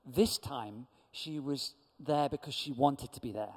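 A man's voice: medium pitch, a little slow, breathy edge, big-room sound. A man telling a testimony story in a church talk, animatedly acting out what people said. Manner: lively storyteller who acts out quoted voices. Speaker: church speaker.

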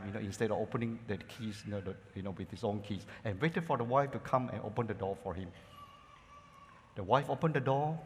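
A male pastor preaching a sermon, calling his listeners "church" and using many "you know" fillers. He moves between loud, emphatic lines and quiet asides. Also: medium pitch, big-room sound.

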